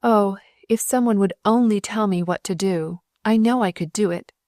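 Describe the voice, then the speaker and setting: A woman voicing an impulsive, emotional young nurse in an audiobook, talking in high, overwrought bursts. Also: moderate pace, a little mellow, no room sound, clean studio sound, lightly acted. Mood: helpless pleading. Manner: overwrought, swinging between wailing and shrieking.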